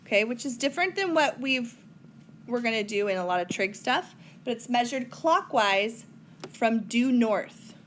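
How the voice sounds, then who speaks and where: A woman's voice: on the high side, expressive, moderate pace, a bit bright, a little hiss or hum. Chatty woman teaching a math lesson. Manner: chatty, playful asides to students. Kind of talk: recorded whiteboard math lesson.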